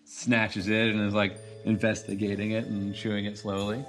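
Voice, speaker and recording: A man narrating as game master in a tabletop game, relaxed and halting, with many fillers. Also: lowish voice, faint music behind.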